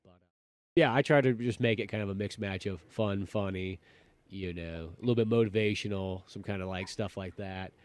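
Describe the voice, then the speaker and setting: A man's voice: on the low side, brisk, clear, resonant tone, no echo. A man co-hosting a podcast, chatting casually and animatedly, swearing now and then and rambling with lots of fillers. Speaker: podcast co-host. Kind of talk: casual chat.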